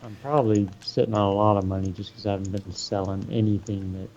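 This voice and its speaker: A man's voice: fairly low pitch, steady tone, fast talker, a little mellow, dull audio, a little hiss or hum. A man chatting casually while playing a co-op game, laid-back and self-deprecating, with plenty of ums. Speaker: co-host gamer. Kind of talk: casual co-op gaming chat.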